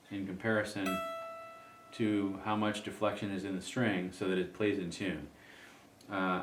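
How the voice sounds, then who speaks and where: A man talking through a guitar setup in a relaxed, unhurried way, pausing often to think as he demonstrates. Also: sits low, roomy sound. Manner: relaxed, thinking aloud with many ums. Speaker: guitar player explaining setup. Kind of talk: casual demonstration.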